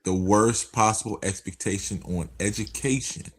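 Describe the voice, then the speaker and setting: Low-voiced man arguing a point. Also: normal speed, breathy edge. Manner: emphatic, argumentative. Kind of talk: casual political talk.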